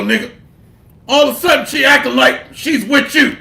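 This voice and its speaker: A man's voice: very high voice, normal speed, vocal fry, sharp tone, reverberant. A man giving a blunt, street-style sermon, reading scripture aloud and mixing it with slang and profanity. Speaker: bible teacher.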